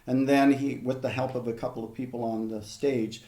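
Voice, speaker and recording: An older man working as a hypnotherapist, telling stories in an interview in a measured, conversational way with frequent restarts. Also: medium pitch, fairly even intonation, dark tone, reverberant. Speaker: hypnotherapist guest. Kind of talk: reflective storytelling in an interview.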